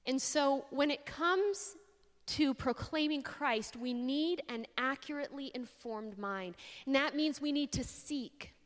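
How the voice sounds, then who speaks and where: A young woman from Canada giving a faith talk to an audience, an expressive storyteller with dramatic pauses. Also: high-pitched. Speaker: speaker. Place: large hall. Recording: long hall reverb.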